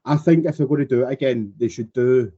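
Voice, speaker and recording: A man's voice: medium pitch, fast talker, warm tone. A young man chatting casually about wrestling as a podcast co-host, agreeable and swearing at times. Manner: agreeable, short replies, swears. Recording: muffled lo-fi mic.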